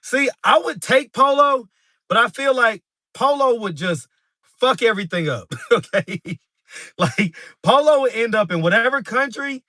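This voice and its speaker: A man's voice: extremely high pitch, expressive, measured pace, pushed and bright, dry recording, clean studio sound. A man from New York hosting a casual livestream, laughing often and talking straight to his chat. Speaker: street interview channel host.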